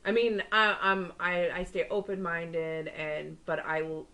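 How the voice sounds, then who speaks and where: On a rough recording, a young woman co-hosting a podcast chats casually in a flat, unhurried, pushed and bright voice. She's a chatty storyteller who acts out the people in her stories, using big pitch jumps for their quotes.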